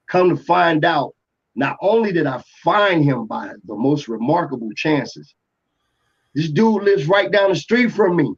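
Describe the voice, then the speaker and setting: A music producer from Atlanta telling a rambling story in a casual interview, full of restarts and fillers. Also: male voice, fairly high pitch, sing-song, unhurried. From Atlanta, USA. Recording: dull lo-fi podcast audio.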